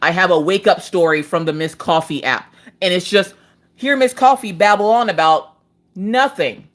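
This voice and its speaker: A woman's voice: lowish voice, normal speed. A woman hosting a casual crafting livestream from home, rambling through stories with lots of "like" fillers. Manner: rambling, animated storytelling with frequent "like" fillers. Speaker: livestream host. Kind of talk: casual live chat while crafting.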